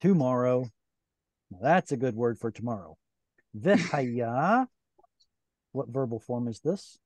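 Guy teaching hebrew on a video call, mellow dark voice, dry sound, patient and asks questions. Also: mid-range voice, expressive, slow, dry recording. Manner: patient, explains step by step with questions. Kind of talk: online Bible Hebrew class.

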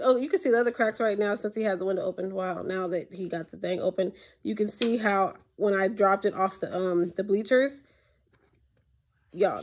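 A young woman vlogging at home into her tablet's mic, chatting to viewers in an exasperated, casual way. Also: medium pitch. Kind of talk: casual chat to camera. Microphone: tablet built-in mic.

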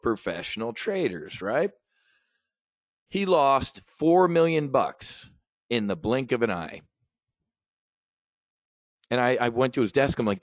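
A man's voice: medium pitch, no room sound. Brash, swaggering man telling trading stories. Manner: brash, swaggering storytelling with profanity; talks straight to the audience. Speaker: trading educator and host. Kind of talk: animated sales pitch monologue.

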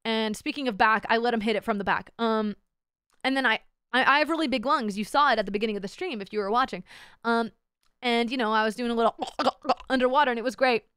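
Young female streamer, high voice, dry close sound, loud and rambling with lots of swearing. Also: quick pace, clean tone, no room sound. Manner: loud, rambling, swears a lot, laughs and shouts. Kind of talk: casual chat.

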